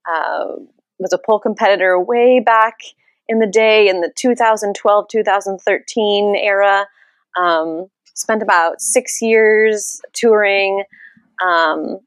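A woman's voice: medium pitch, dry recording. An American woman in her thirties, a pole studio owner, talking in an upbeat, friendly way as a podcast guest. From United States. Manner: upbeat and friendly, with many ums. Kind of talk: casual interview chat.

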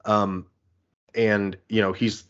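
A man's voice: fairly low pitch, takes it slowly, muffled recording. A man talking casually and at length about a film, acting out quotes in other voices. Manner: rambling, animated, acts out quotes in voices. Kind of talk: casual podcast discussion.

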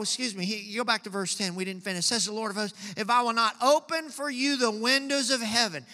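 A man's voice: extremely high pitch, sharp tone, long reverb tail. A male pastor preaching a sermon in a church, reading scripture and calling out to the congregation with growing fervor. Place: church sanctuary.

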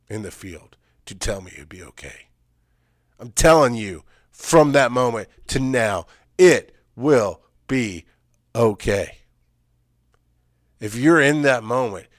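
A man's voice: on the low side, dry recording, clean studio sound. Intense man telling a raw personal story. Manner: intense, swings from loud urgent emphasis to hushed, halting recall. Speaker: speaker sharing personal story. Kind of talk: emotional personal testimony.

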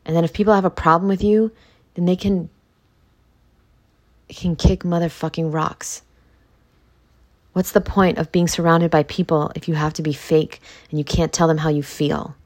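A woman's voice: deep voice, steady tone, moderate pace, long pauses. A woman hosting a motivational podcast who talks in a blunt, emphatic, profane way. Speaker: podcast host.

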